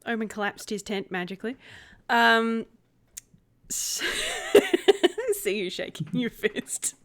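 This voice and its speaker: A woman's voice: a little high, wildly swooping pitch, slow pace. A woman narrating and running a tabletop role-playing game as game master, descriptive and giggly.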